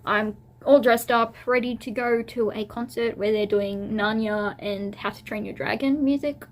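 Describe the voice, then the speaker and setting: Speaking to camera with hardly any pauses, a young woman vlogger has a highish, steady-toned voice at normal speed. Her casual chat is rambling and giggly, full of self-amusement, and she's a little teary and emotional.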